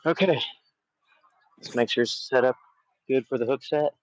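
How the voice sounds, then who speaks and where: A man's voice: mid-range voice, normal speed, no room sound, rough recording. A man chatting on a live fishing stream outdoors by the water, playfully taunting the fish he is after. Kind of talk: casual live-stream chat.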